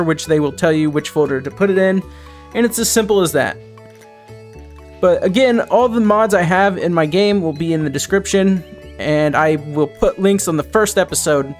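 A young man giving rambling, chatty let's-play commentary as a gaming host. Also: fairly high pitch. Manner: rambling, chatty, self-correcting.

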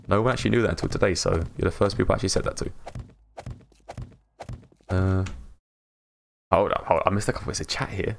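A man's voice: fairly low pitch, fast talker, gravelly, long pauses, a little hiss or hum. A British man live streaming a game in casual chat, mumbling and slurring his words and laughing often.

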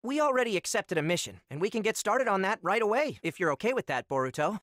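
A woman's voice: mid-range voice, very animated, quick pace, fairly bright tone, no echo. Smug teen ninja boy, woman voicing him, swoopy sing-song digs, dry booth. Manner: smug, needling, matter-of-fact. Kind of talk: video game cutscene dub.

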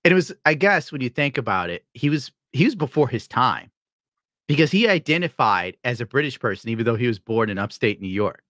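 A man chatting casually on a podcast, telling animated stories and mimicking voices. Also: medium pitch, a little fast, no echo, clean studio sound. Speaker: podcast co-host.

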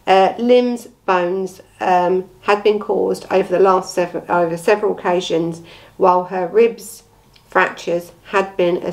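A woman's voice: mid-range voice, poor audio. Woman commentator, blunt and indignant, talking straight at the audience. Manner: indignant, blunt, rhetorical questions. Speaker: true crime commentator. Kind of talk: impassioned commentary on a case.

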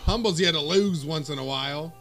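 A man's voice: a little high, fairly bright tone, faint music behind. A man playing a card video game with a friend, commenting casually and teasing playfully. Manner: playful, teasing, slow drawl. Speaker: gamer.

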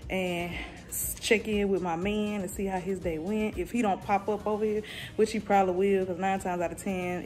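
Relaxed, slangy woman vlogger, mid-pitched, chatting to her viewers. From North Carolina, US. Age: adult mother. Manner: laid-back, slangy, talks straight to viewers. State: out of breath and tired. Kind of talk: casual chatty vlog.

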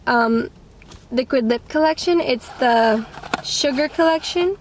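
A woman's voice: sits high, a little slow, slight background noise. A young woman vlogging with her twin sister, bubbly and gushing in casual chat.

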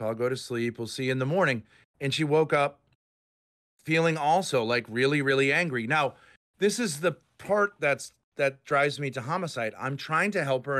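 A man's voice: mid-range voice, a bit bright. A man in his fifties from Rhode Island, ranting angrily and profanely on a voice call. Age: 50s. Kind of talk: heated online group chat.

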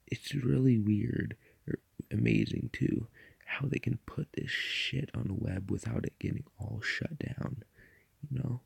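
Gravelly, husky young man rambling. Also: mid-range voice, a little slow, dry recording. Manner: rambling, full of fillers and swearing. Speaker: vlogger. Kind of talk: rambling casual vlog. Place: lying in bed at night.

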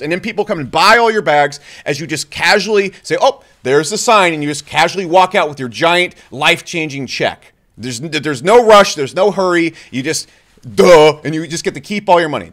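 A man with a voice sitting slightly high for a man delivers opinionated commentary straight to the viewer. He is blunt and exasperated, and often slips into mocking little voices of the people he criticizes. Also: a bit bright. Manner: blunt, exasperated, mocks others in quick put-on voices. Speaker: crypto YouTuber. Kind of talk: opinionated market commentary to camera.

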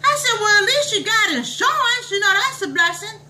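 A woman's voice: extremely high pitch, lively intonation, normal speed, pushed and bright, a little hiss or hum, exaggerated voice, low-quality recording. A woman playing a preachy, bossy middle-aged church lady, telling a comic story in an exclamatory, sermonizing drawl.

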